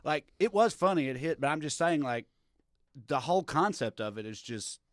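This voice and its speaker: A man's voice: a little high, lively intonation, normal speed, no echo, studio quality. Rambling, swearing man. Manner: rambling, profane, laughs often. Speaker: comedy podcast co-host. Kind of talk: casual comedic chat.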